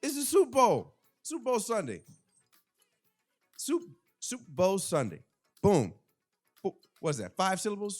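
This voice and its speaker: A fairly high-voiced man hosts a casual podcast monologue. He swings between loud, animated exclaiming and low muttering, restarting his sentences often. A little music plays quietly behind him. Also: measured pace, long pauses. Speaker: podcast host. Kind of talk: casual monologue on current events. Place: home.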